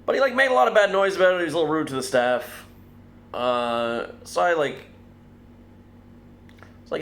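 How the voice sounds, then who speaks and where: A man's voice: on the high side, moderate pace, long pauses, a bit bright, a little hiss or hum. A man reviewing beer in a casual vlog, wry and blunt, swearing offhandedly.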